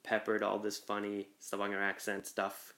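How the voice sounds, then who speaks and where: Gravelly low-voiced man chatting. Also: moderate pace. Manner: relaxed, amused storytelling. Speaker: podcast guest. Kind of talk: casual chat.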